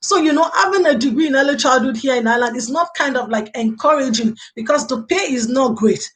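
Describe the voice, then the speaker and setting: Woman, high voice, casual live-stream chat, rambling, conversational, answering viewers. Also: lively intonation, fast talker. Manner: chatty, repeats herself, peppered with "okay" and "you know". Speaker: live show host and early childhood lecturer.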